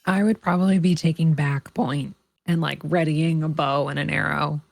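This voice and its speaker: A woman playing a tabletop game, talking in a relaxed, slightly hesitant way. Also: deep voice, normal speed, gravelly, no room sound. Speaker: player. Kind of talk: casual tabletop play.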